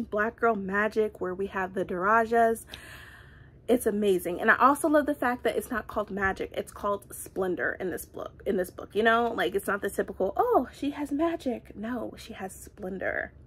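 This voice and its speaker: Breathy woman gushing over a book. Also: medium pitch. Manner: gushing, excitable, many restarts and "like". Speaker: book reviewer. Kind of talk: casual book review vlog.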